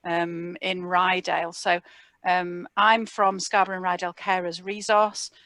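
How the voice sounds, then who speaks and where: A woman's voice: lowish voice, level tone, fairly bright tone, no echo. Informal woman on a video call. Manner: informal and chatty, pausing often to think. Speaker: community support coordinator. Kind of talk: informal video meeting introduction. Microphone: computer mic on a video call.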